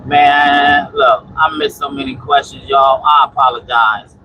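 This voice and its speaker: This casual livestream comes from a truck cab, where a trucker and homesteading host uses a phone mic to preach about preparing and respond to chat. He rambles and repeats, full of restarts and "you know." His mid-range voice is unhurried, pushed and bright, with fairly even intonation, over slight background noise in poor audio.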